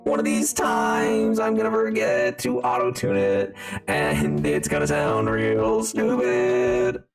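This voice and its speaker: A man's voice: high-pitched, very animated, slow pace, pitched above the performer's own voice, heavily acted. A man doing an auto-tuned, sing-song voice of himself, mock-innocent and playful. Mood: playful singsong. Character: auto-tuned singing version of the streamer, male, playful. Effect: auto-tune. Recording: roomy, over loud music.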